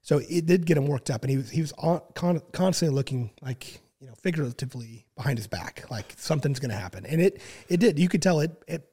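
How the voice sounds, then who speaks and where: A man in his thirties telling a long story in casual chat, with many fillers and frequent throat clearing. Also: fairly high pitch, quick pace, hardly any pauses. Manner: relaxed, filler-heavy, clears throat often. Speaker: podcast guest.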